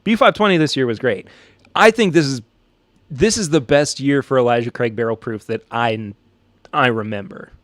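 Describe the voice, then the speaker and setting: With a mid-range, somewhat bright voice at a moderate pace and no echo, a Southern American man hosts a podcast. He hails from the Southern United States and chats and jokes casually in reaction to a live chat, though he's a little stressed.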